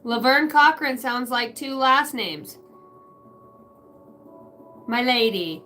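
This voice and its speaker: A woman's voice: fairly high pitch, expressive, takes it slowly, pauses often, pushed and bright. A woman doing a casual live tarot reading from her backyard shed. She rambles, cracks crude jokes and laughs a lot. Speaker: tarot reader.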